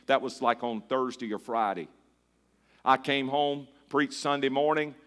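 A middle-aged male pastor preaching a sermon in a church, moving from hushed storytelling to a fervent, half-sung shout. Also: mid-range voice, a little slow.

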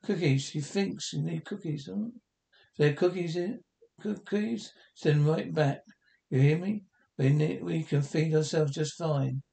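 A man's voice: fairly high pitch, a little slow, gravelly, dark tone. A man reading the part of a bullying, sneering husband in an amateur script reading. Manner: mocking, menacing.

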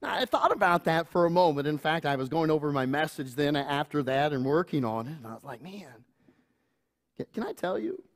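A middle-aged man, the pastor, preaching a sermon earnestly, with playful asides and chuckles and acting out family members in a higher voice. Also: expressive, quick pace, few pauses. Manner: acts out quoted family voices in higher pitch.

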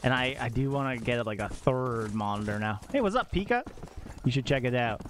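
A young man chatting casually while live-streaming a game at home, excitable and quick to exclaim and laugh. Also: medium pitch, slight background noise.

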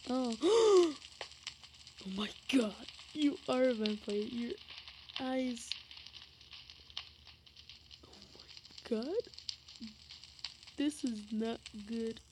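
A woman's voice: fairly high pitch, fairly even intonation, drawn-out words, long pauses, noisy background. A woman giving gameplay commentary, giggly and flustered, with many fillers. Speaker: gamer.

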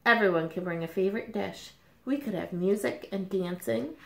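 A woman voicing a bored, restless male state in a picture book, complaining in a drawn-out way, in a roomy space. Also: mid-range voice, creaky, natural voice. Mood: eager. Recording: roomy echo.

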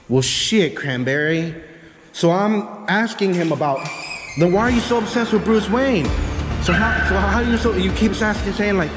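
A man's voice: sits high, brisk, big-room sound, over music. A man with a Texan accent, a dog trainer talking casually and profanely to the camera, his dogs and a helper while he trains.

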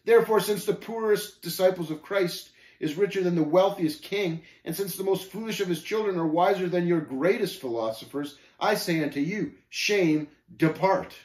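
A man's voice: high voice, moderate pace, hardly any pauses, a little mellow, voice pushed up, lightly acted. Brief: man doing an undaunted, devout pilgrim, firm and declaiming, in a roomy space. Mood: commanding. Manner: bold, firm, scripture-quoting declamation. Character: bold, devout male pilgrim Faithful, undaunted.

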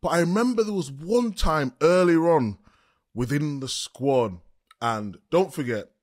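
A man's voice: fairly high pitch, animated, unhurried, no room sound, studio quality. A man co-hosting a football podcast, chatting casually and enthusiastically. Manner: enthusiastic, loud. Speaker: podcast co-host. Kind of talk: casual chat.

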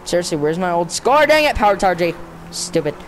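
A young man giving casual let's-play commentary on a racing game, talking to the game and himself in slang and often breaking into frustrated yelling. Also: sits high, fast talker, a little hiss or hum. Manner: excitable, frustrated, bursts into yelling outbursts; talks to the game and himself, slangy, "dude" and "bro". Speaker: gamer narrating his own play.

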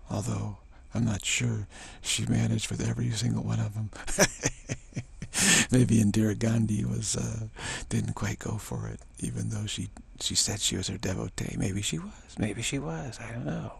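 A man telling spiritual stories in a meandering, conversational way, with a gravelly, husky voice. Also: lowish voice, fairly even intonation, measured pace. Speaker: spiritual teacher. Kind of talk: casual spiritual storytelling.

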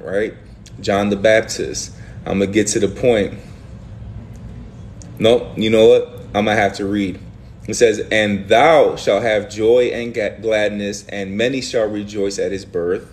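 A man's voice: lowish voice, steady tone, unhurried. Emphatic, slangy man leading scripture talk. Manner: emphatic, slangy, acts out prophets' words. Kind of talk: animated Bible study discussion.

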